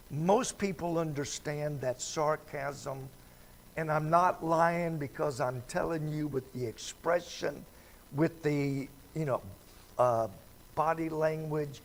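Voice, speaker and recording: In a church sanctuary, a pastor leads a midweek Bible study in a folksy, conversational style, often asking the congregation questions. His voice is a little high and unhurried, with slight background noise.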